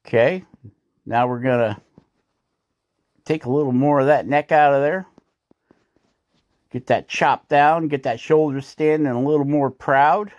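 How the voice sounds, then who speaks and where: A man's voice: medium pitch, measured pace, long pauses, a little mellow, dry recording, clean studio sound. A man hosting a woodcarving channel, talking through a carving tutorial in a folksy, joking, chatty way. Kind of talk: casual carving tutorial narration.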